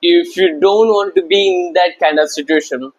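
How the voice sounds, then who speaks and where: A man's voice: a little high, steady tone, moderate pace, lo-fi sound. A young man giving casual, chatty advice on small talk, loose and often laughing. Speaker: social skills coach.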